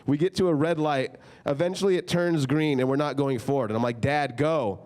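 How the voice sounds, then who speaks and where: A man's voice: a little high, a little fast, darkish tone. A young man doing a stand-up comedy set, telling stories in a loose, casual way full of "like". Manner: casual, filler-heavy storytelling with frequent "like". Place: comedy club stage.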